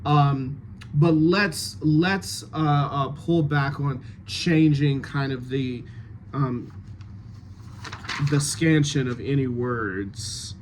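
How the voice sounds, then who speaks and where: A man giving dialect notes to actors after a rehearsal, thinking aloud with many pauses and fillers. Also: medium pitch, slight background noise.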